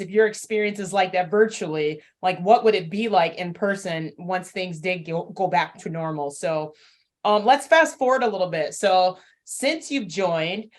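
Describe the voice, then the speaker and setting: A woman hosting a casual interview, upbeat and encouraging, often laughing along with her guest. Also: mid-range voice. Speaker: podcast host, fitness studio owner.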